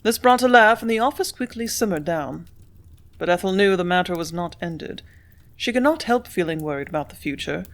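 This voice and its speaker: A woman reading a classic novel aloud in steady audiobook narration. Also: on the low side, brisk. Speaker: audiobook reader.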